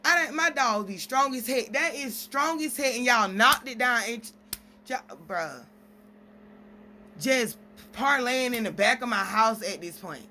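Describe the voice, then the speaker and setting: A woman's voice: on the high side, expressive, a little slow, pushed and bright, slight background noise. A woman venting at length in a casual vlog, rambling through stories with quoted exchanges. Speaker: single mom vlogger.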